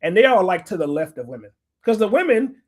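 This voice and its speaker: A middle-aged man hosts a livestream, lecturing and arguing with viewers in a combative, profane rant. His voice is high-pitched, very animated and brisk.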